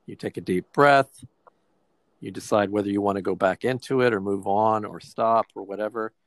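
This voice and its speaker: A man's voice: fairly low pitch, moderate pace, dry recording. A man in his forties from New Jersey, casually and reflectively retelling a personal therapy experience with quoted dialogue. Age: 40s.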